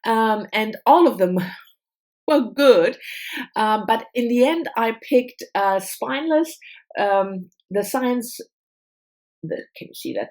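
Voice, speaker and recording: A woman's voice: mid-range voice, darkish tone. A middle-aged woman, not a native English speaker, chatting casually about books she read, with frequent fillers and restarts. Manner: thoughtful, with many fillers and restarts. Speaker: book vlogger.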